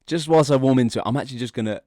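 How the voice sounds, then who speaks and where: A man's voice: mid-range voice, very fast, mellow, no echo, clean studio sound. A young adult man, a podcast co-host, casually telling a long, rambling joke story and laughing as he goes. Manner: rambling, laughs often, drags out the setup.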